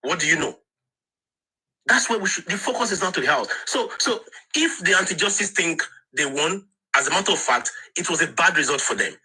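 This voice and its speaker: A man's voice: high voice, lively intonation, brisk, hardly any pauses, bright, forceful tone, husky, rough recording. A man speaking on an online discussion panel, emphatic and insistent, often repeating words as he restarts.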